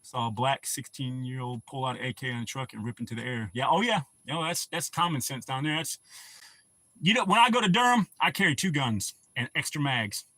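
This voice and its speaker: A man's voice: mid-range voice, animated, brisk, bright, forceful tone, no echo. A man hosting a casual livestream, telling rambling, profane stories and laughing at his own jokes. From North Carolina. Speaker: livestream host.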